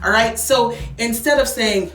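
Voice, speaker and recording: A woman's voice: fairly high pitch, a little slow, fairly bright tone, echoey room. A woman who is a speech language pathologist, giving upbeat, coaching advice to parents and demonstrating with exaggerated tones. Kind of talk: instructional talk to parents.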